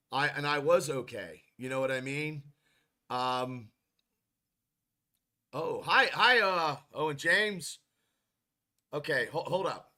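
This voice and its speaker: Man, podcast host, slow pace, bright tense tone, frustrated, rambling. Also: fairly high pitch, lively intonation. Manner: frustrated, rambling, many restarts. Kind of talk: casual live-stream football chat.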